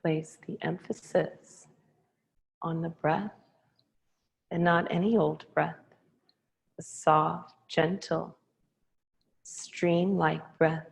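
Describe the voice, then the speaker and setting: A woman teaching a yoga class, giving slow, calm, soothing cues to her students. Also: on the low side, creaky, poor audio. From Hawaii. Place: yoga studio.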